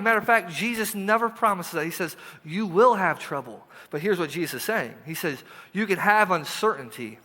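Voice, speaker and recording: A high, bright-voiced male pastor delivers a lively sermon, acting out dialogues and sinking into quiet, intense passages. His voice rings with a long reverb from the church hall. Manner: animated, acts out dialogue, drops to hushed intensity. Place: church sanctuary.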